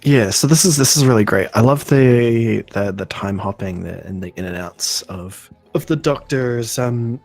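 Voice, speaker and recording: Male co-host, mid-pitched, keen casual take, faint music beneath. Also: vocal fry, darkish tone. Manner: enthusiastic, halting restarts. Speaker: podcast co-host. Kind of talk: casual chat.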